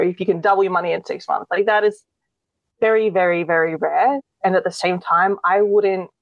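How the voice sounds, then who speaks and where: A woman's voice: mid-range voice, no room sound, highs cut off. A woman, a guest expert earnestly explaining in a conversational interview, often restarting her sentences.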